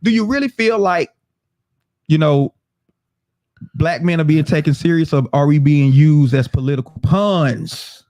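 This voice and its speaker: A man's voice: a little high, measured pace, pauses often, a little mellow, no room sound. A man hosting a casual political talk show, reading viewer comments aloud and laughing often. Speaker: podcast host.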